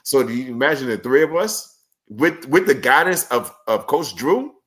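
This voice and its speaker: A man co-hosting a podcast, talking in a relaxed, slightly hesitant way. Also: mid-range voice, moderate pace. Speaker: podcast co-host. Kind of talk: casual interview chat.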